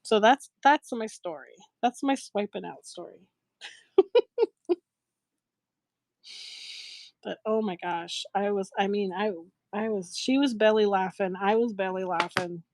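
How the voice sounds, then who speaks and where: A middle-aged woman hosting a live shopping show, telling a story in a casual, animated, giggly way and acting out the voices she quotes. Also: medium pitch, a little slow, long pauses, no room sound.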